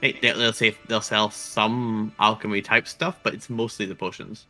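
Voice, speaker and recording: A man's voice: lowish voice, steady tone, normal speed, bright, forceful tone, faint music behind. A man running a tabletop game as dungeon master, casual and dry, often restarting his sentences.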